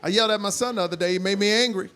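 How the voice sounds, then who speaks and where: Animated, bright-voiced male stand-up comic. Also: sits high, racing, smooth. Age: 40s. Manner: animated storytelling with loud, shouted impressions. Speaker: stand-up comedian. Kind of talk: stand-up comedy. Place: comedy stage before a live audience.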